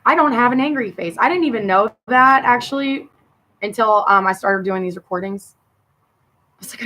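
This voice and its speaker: A woman venting to her camera at her sister, bitter and profane, her voice dropping low or flaring hot. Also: a little fast, a bit bright, low-quality recording. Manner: swings between muttering and heated outbursts. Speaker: vlogger addressing her sister. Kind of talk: personal rant to camera.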